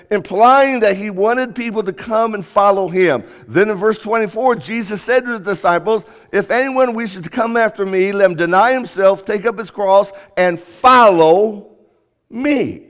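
High-voiced man preaching in a reverberant hall. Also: fairly quick, hardly any pauses. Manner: emphatic, rising and falling sharply for emphasis. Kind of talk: sermon. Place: church auditorium. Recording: long reverb of a church hall.

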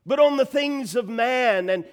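A man's voice: very high voice, lively intonation, slow pace. A man preaching a sermon, reading Scripture and building to emphatic, rising bursts. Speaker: pastor.

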